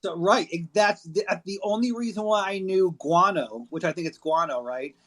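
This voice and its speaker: Host type: man, slightly higher voice, jokey, profane, reads posts aloud over a phone app. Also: normal speed, fairly bright tone. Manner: irreverent, jokey, swears freely. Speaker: discussion host reading a thread aloud. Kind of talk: casual online audio chat. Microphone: phone app audio room.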